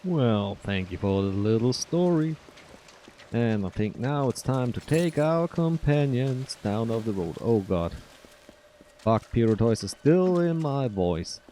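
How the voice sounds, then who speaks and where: A man's voice: mid-range voice, animated, unhurried, dark tone, a little hiss or hum. A man hosting a gameplay video with goofy, jokey commentary. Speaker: gaming channel host.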